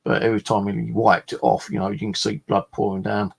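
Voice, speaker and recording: A man's voice: on the low side, little pitch movement, a little fast, creaky, slightly rough. A man chatting casually in a vlog, a rambling storyteller full of fillers and the odd swear word. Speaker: vlogger.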